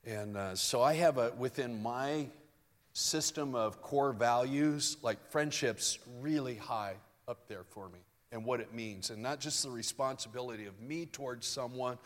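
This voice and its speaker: A man's voice: mid-range voice, normal speed. Older male pastor preaching in a reverberant hall. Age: 60s. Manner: conversational, restarts and fillers, swings from soft to emphatic. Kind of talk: sermon.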